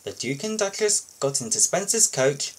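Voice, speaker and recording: A man reading a children's storybook aloud in an expressive, sing-song way. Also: a little high, moderate pace, slight background noise, low-quality recording. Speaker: storybook reader.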